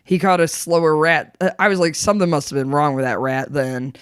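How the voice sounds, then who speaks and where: A young woman, a comedian guest, chatting casually with wry humor, quick laughs and swearing. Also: sits low, fairly even intonation, clear, resonant tone, no room sound, clean studio sound. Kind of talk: casual chat.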